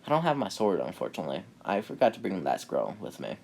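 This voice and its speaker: A man voicing an overpowered, cocky teenage boy ninja in a casually retold fan story, speaking in a calm, matter-of-fact way. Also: sits low, fast, gravelly, exaggerated voice. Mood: cool.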